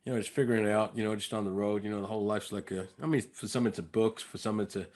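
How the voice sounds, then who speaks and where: Bit: a New York wanderer done by an English man, low-voiced and rambling, American accent. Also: steady tone, very fast, darkish tone, close to an everyday voice. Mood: dreamy. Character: laid-back drifting New Yorker man, rambling.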